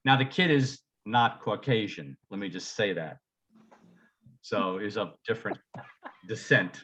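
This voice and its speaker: Here a podcast co-host who's a music teacher spins amusing stories, laughing often, swearing, and performing the voices of those he quotes with animated energy. His lowish voice is unhurried, with long pauses.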